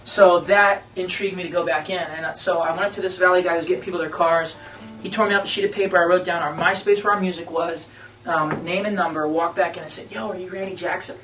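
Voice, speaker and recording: A man, a band member, telling a story to radio hosts in a lively, slangy storytelling manner. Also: high-pitched, fast, soft background music. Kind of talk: casual storytelling interview. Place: radio station conference room. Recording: roomy room, mic at a distance, faint noise.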